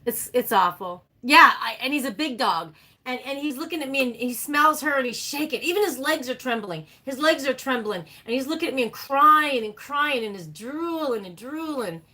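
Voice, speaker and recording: A woman's voice: high voice, lively intonation, moderate pace, sharp tone. A woman chatting casually and animatedly with her livestream viewers, laughing often. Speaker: livestream host.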